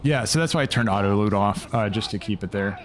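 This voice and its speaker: A young man runs a live gaming stream, his low voice moving quickly through loose, casual commentary. He swears offhandedly and chatters on as he plays.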